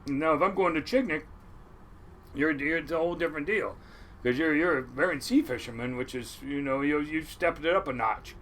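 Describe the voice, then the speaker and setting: Older man, sixties, fisherman telling stories, lively and profane, bright edge, slightly high voice. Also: fairly quick, slight background noise. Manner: animated storyteller, swears, acts out quotes. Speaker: crab boat captain, podcast guest. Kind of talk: storytelling interview.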